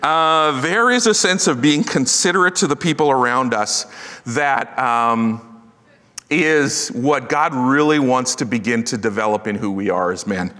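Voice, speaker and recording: Bright-voiced man preaching in a hall. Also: mid-range voice, unhurried. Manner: conversational and self-deprecating, joking asides. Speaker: pastor. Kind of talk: sermon. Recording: long reverb of a large hall.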